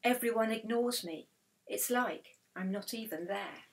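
A woman's voice: medium pitch, a little slow, gravelly. A woman voicing a sad, overlooked stick insect in a children's story, sobbing her complaint. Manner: sobbing, sulky.

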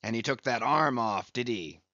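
A man voicing a gruff, obsessed old one-legged sea captain in an audiobook. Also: medium pitch, normal speed, pushed and bright, dry recording, highs cut off, lightly acted. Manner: gruff, exclamatory.

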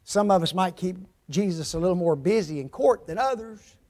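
A man preaching a sermon with emphasis, asking his listeners rhetorical questions and swinging between loud, rising stress and low, quiet drops. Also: animated, normal speed.

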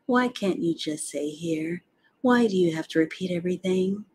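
Woman doing a calm bossy lady spider for a storybook, lowish voice, slow and even. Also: husky. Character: calm clever female barn spider. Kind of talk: audiobook character reading.

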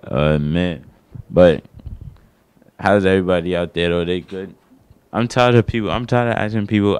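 This is a young man's debut stand-up set on a small studio stage, delivered in a low-pitched, darkish, clean voice at a measured pace with frequent pauses and no room sound. He rambles, uses slang, and makes himself the butt of the joke.

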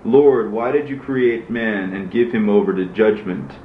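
A sorrowful male prophet pleads for mercy in a low, steady voice, as a man reads the part. The recording is dull and lo-fi, with a roomy echo. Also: measured pace, slight background noise, natural voice. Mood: pleading.

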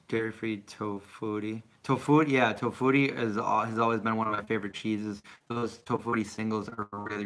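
A man's voice: lowish voice, fairly bright tone. Chatty man answering live chat. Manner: rambling, chatty, answers viewer questions. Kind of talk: casual live-stream chat.

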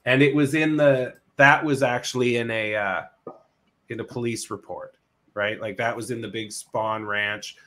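A man co-hosting a podcast in casual chat, animated, swearing freely and laughing often. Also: medium pitch, normal speed, a little hiss or hum. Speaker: podcast co-host.

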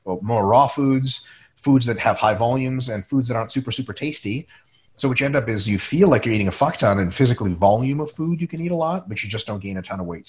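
A man co-hosting a casual webinar, reading out listener questions and answering bluntly with profanity and jokes. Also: medium pitch.

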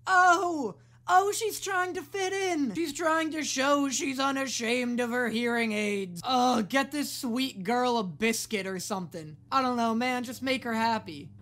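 A woman hosting a reaction video, giving casual, sarcastic commentary, swearing freely and often yelling at the screen. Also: on the high side, unhurried.

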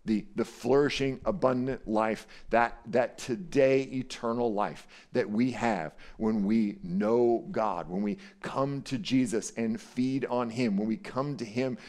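A middle-aged man delivers a casual, lively sermon from the pulpit. His voice sits in an ordinary middle register, and he keeps the congregation close with frequent "right?" check-ins. When he acts out scripture, his delivery turns playful and dramatic. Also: mid-range voice, measured pace, few pauses. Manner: animated, playful, often asks "right?". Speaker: pastor. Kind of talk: conversational sermon.

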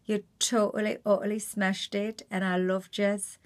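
A woman impersonating a calm, gentle young woman with a Geordie accent. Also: medium pitch, normal speed, lightly acted.

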